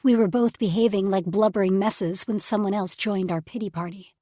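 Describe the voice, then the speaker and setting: Breathy female audiobook narrator. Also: mid-range voice, steady tone, fairly quick, mellow, dry recording, clean studio sound. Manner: emotional first-person storytelling, drops to whispers. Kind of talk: scripted narration.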